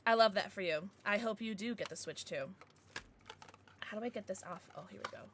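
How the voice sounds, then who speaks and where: With background noise behind her, a young woman talks a little fast in a mid-range voice during a laid-back home stream. She raves about gifts, coos at her dogs, and chats with her viewers.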